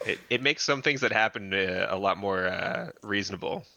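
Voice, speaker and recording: A man's voice: lowish voice, normal speed, creaky, bright, forceful tone, dry recording, lo-fi sound. A man co-hosting a podcast, making dry asides and reading out listings. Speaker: podcast co-host. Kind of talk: casual chat.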